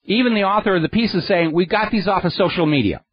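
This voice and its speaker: A man's voice: high-pitched, fast talker, slightly rough. A man hosting a radio talk show, delivering a sarcastic, indignant political monologue into a studio microphone. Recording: dry, slightly dull radio studio sound.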